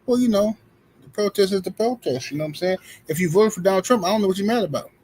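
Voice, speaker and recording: A man's voice: high voice, animated, fast talker, a little mellow, breathy edge, low-quality recording. A man hosting a live stream, speaking bluntly in casual commentary and often repeating his phrases. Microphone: streaming setup mic.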